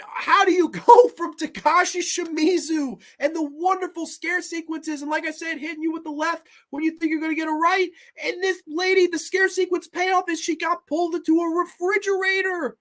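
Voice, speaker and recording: A woman's voice: very high-pitched, steady tone, moderate pace, fairly bright tone. A woman hosting a horror film review show, ranting with exasperated sarcasm and heavy swearing.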